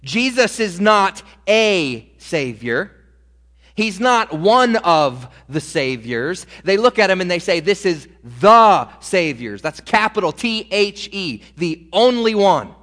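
A male preacher delivering a sermon, slowing down to stretch and stress key words. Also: high-pitched, expressive, fairly bright tone. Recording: reverberant hall.

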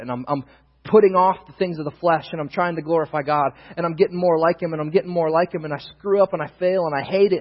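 A young male pastor preaching a sermon, earnest, swinging from loud emphasis to near-hushed confiding, recorded in a church hall. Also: on the high side. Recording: dull, roomy long reverb, husky.

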